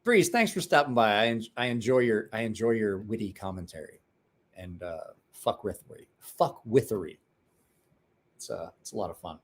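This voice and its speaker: A man's voice: fairly low pitch, expressive, moderate pace, husky. Tired, profane man in his forties from Ohio. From Ohio, USA. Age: 40s. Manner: rambling, profane, folksy storyteller who acts out quotes. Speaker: livestream host. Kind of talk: casual late-night livestream chat and storytelling.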